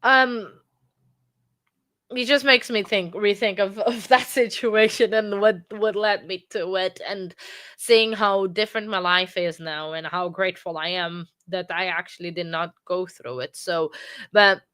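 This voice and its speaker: Halting woman streamer, casual commentary. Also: mid-range voice, steady tone, a bit bright. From from outside England. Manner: halting, many restarts and fillers. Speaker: true crime streamer.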